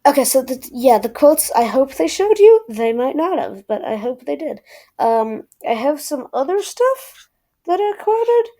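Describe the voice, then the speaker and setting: Woman, casual book review, hesitant, self-deprecating, lots of ums, slightly high voice. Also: sing-song, unhurried, warm tone.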